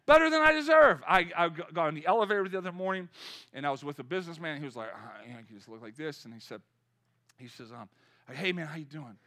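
High bright-voiced man preaching. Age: 50s. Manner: energetic preaching, rising loud then dropping to soft storytelling. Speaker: pastor. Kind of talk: sermon.

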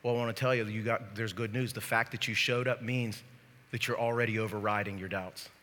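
A pastor with a fairly low voice preaches a brisk, lively sermon in a church sanctuary, joking with the congregation and addressing them directly. Long hall reverb fills the recording.

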